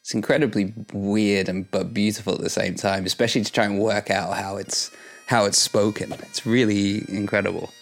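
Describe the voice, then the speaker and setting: A man's voice: on the low side, steady tone, moderate pace, vocal fry, faint music behind. A man co-hosting a podcast, chatting in a giggly, self-deprecating way. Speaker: podcast co-host. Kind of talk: casual chat.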